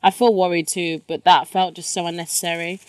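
A woman's voice: fairly low pitch, little pitch movement, a little fast, darkish tone, clean tone, no room sound. Blunt woman in her twenties, dry sound. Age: 20s. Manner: blunt, frank, swears casually. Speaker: podcast co-host. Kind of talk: casual chat, reading listener letters.

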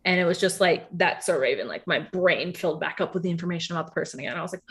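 Chatty woman recapping with animated quotes. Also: fairly low pitch, fast. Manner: chatty, filler-heavy, animated quoting. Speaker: podcast co-host. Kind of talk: casual reality-TV recap chat.

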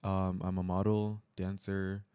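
A laid-back young man from Chicago, chatting as a podcast guest and joking easily. His voice is very deep. The sound is dry and close on the mic. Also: little pitch movement, measured pace, dark tone, clear, resonant tone, dry recording. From Chicago, USA. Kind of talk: casual chat.

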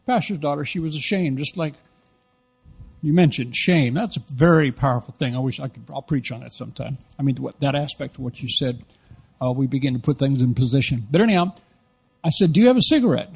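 An American man, middle-aged, preaching a sermon as an animated storyteller who acts out the lines he quotes. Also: medium pitch, brisk, vocal fry, husky. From United States.

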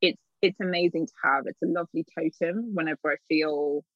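A woman's voice: low-pitched, fairly even intonation, a little fast, dry recording. A woman in an interview, a literary agent telling stories candidly and acting out her own past remarks with lots of laughter. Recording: dull, dry sound.

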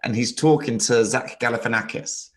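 A man's voice: mid-range voice, normal speed. Guy cohosting a podcast, easygoing chat, says like a lot. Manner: chatty, many likes and restarts. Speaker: podcast co-host. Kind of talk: casual chat.

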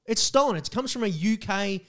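An Australian man with an Australian accent, ranting and swearing in casual comedic podcast chat, sometimes shouting mock chants. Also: sits high, lively intonation, normal speed. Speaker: podcast co-host.

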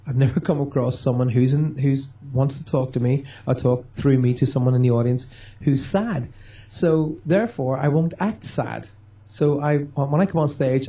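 Medium, mellow tone, jokey storyteller who acts out the voices. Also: male voice, medium pitch. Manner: lively, joking, acts out dialogue. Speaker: medium and touring stage performer. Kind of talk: storytelling interview answers.

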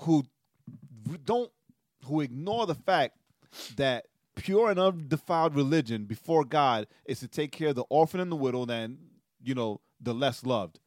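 Heated, animated male podcast co-host. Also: mid-range voice, moderate pace, no room sound, clean studio sound. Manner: animated, heated, repeats "right?". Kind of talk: casual chat.

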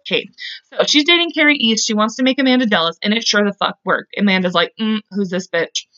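A woman's voice: on the high side, animated, fast talker, sharp tone, no echo, highs cut off. A woman hosting a podcast, telling a true story in a casual, chatty way, with frequent swearing and laughing asides. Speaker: podcast host.

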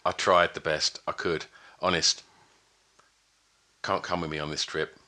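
A man voicing a weary, dying male gangster in a put-on Puerto Rican accent, delivering a slow, quiet, resigned film monologue. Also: sits low, flat delivery. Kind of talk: reading film's closing monologue.

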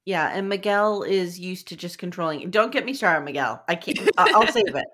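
A woman's voice: fairly low pitch, a little fast, fairly bright tone. A woman hosting a casual podcast chat, sarcastic and blunt, swearing freely as she recaps a show.

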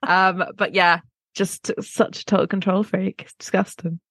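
A woman's voice: medium pitch, level tone, unhurried, a bit bright, no room sound. A woman co-hosting a podcast in casual, rambling chat, poking fun at herself. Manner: chatty, self-mocking, rambling asides. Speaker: podcast co-host.

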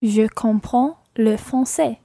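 A woman's voice: on the high side, slow pace, creaky, dark tone, dry recording, clean studio sound. A woman learning a language in a podcast lesson, carefully repeating phrases after the teacher.

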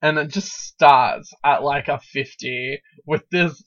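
A co-host in casual podcast chat, with a mid-pitched voice, crude and sweary, laughing easily. The recording is dull and lo-fi. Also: takes it slowly, fairly bright tone.

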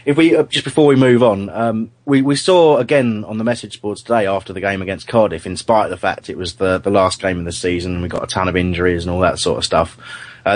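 A man hosting a relaxed football chat show, talking in a lowish voice with plenty of "um"s and false starts. His mic sounds dry and close, with no room around it. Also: no room sound. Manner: hesitant, chatty, many restarts. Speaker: podcast host. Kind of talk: casual football podcast chat.

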